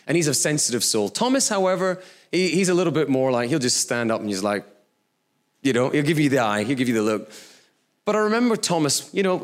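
A man in his thirties, a pastor preaching a sermon in a conversational, storytelling way with occasional laughs. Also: mid-range voice.

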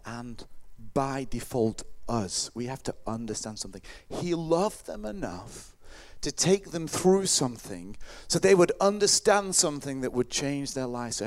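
A man preaching a sermon, telling the story dramatically and swinging from loud calls to hushed words. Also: mid-range voice. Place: hall or church with a microphone.

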